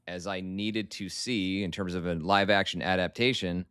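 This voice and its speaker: Male guest, low and smooth, close and dry, talks in thought-out arguments. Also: fairly even intonation, normal speed, fairly bright tone, no room sound. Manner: analytical, opinionated, builds arguments. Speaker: podcast guest. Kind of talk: casual podcast chat.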